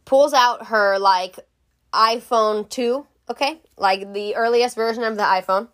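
A woman's voice: a little high, measured pace, fairly bright tone. Young woman ranting a storytime, cursing, exasperated. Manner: blunt, profane, exasperated storytelling. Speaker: vlogger. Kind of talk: storytime vlog.

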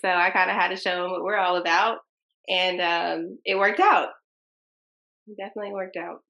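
A woman's voice: fairly low pitch, normal speed, gravelly, muffled recording. A young woman from Tennessee, a county commissioner and interview guest, telling stories casually and acting out both sides of past conversations. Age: young adult. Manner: animated, acts out both sides of conversations in quoted voices.

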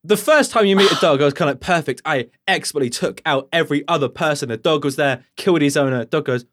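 A man's voice: fairly high pitch, quick pace, no room sound, clean studio sound. A man chatting casually, acting out game moments as he tells them. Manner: animated storyteller, acts out scenes. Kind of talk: casual chat.

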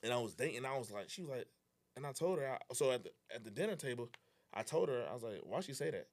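A man's voice: medium pitch, fast. A young man in casual conversation, telling a personal story and acting out the dialogue, with slang and swearing. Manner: animated, reenacting dialogue; slangy and profane. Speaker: guest.

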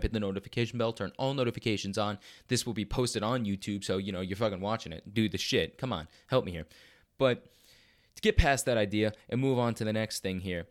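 A young man hosts a podcast from a room at home and tries out stand-up bits. He talks in a profane, animated ramble, restarting sentences and pushing his voice up for emphasis. He has a mid-pitched voice. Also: clean tone. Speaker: podcast host.

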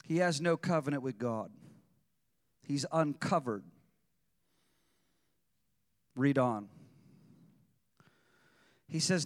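A man preaching a sermon in a church, shifting between quiet teaching and loud exhortation. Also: fairly high pitch, unhurried, pauses often. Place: church sanctuary. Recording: long reverb of a church hall.

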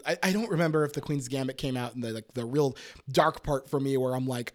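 A man co-hosting a podcast in casual chat, launching into excitable, laughing rants with plenty of swearing. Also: medium pitch, fast talker. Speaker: podcast co-host.

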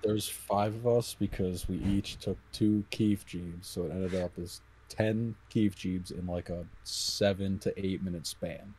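Low-voiced young man with dry wit. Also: fairly even intonation, measured pace, hardly any pauses, a little mellow, slight background noise. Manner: dry, adds wry punchlines. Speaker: guest. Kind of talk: casual chat.

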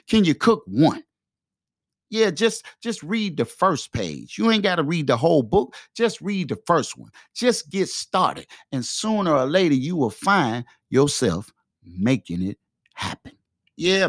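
A man's voice: a little high, no room sound. A man hosting a podcast with a fervent, preachy motivational monologue, speaking into a close microphone. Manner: fervent, preachy, repetitive exhortations. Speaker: podcast host. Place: quiet room.

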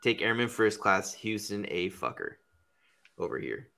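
A man's voice: lowish voice, sing-song, measured pace, gravelly, fairly bright tone. A man hosting a podcast, rambling through crude, profane comedic banter and laughing at his own jokes. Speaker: podcast host.

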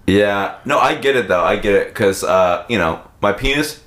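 A man co-hosting a podcast, cracking dry, deadpan, self-mocking jokes. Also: fairly low pitch, normal speed. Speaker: podcast co-host. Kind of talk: crude casual chat. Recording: echoey room with faint noise.

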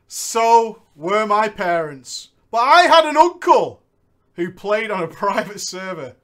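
A man's voice: high voice, very animated, takes it slowly, fairly bright tone. A man in his thirties chatting casually as a podcast co-host, laughing often and teasing. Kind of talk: casual chat.

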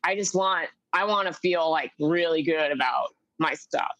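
A woman's voice: low-pitched, normal speed, fairly bright tone, no room sound, poor audio. A young adult woman chatting as a podcast guest over a video call. She rambles, fills her talk with "like" and acts out other people's lines. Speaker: guest comedian. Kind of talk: casual chat.

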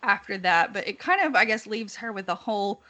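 A woman's voice: medium pitch, animated, brisk, pushed and bright. A woman casually chatting as a podcast co-host, laughing often as she retells what she has heard. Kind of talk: casual chat.

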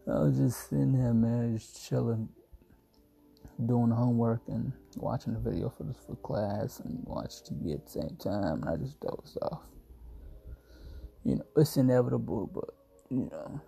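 Groggy after just waking from a nap, a young podcast host yawns and jokes his way through a laid-back solo chat at home. His mid-range voice is dark and heavily husky with thick, gravelly fry, and he speaks at a normal speed.

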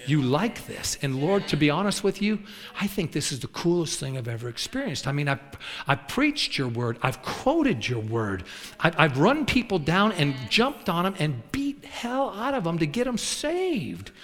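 A man preaching, telling folksy stories with lively acted quotes. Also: a little high, moderate pace, big-room sound. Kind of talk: storytelling sermon.

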